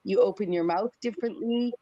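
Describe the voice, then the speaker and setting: A woman's voice: medium pitch, brisk, dark tone, highs cut off. Musing woman on a live panel. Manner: musing, searching for words. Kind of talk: casual chat.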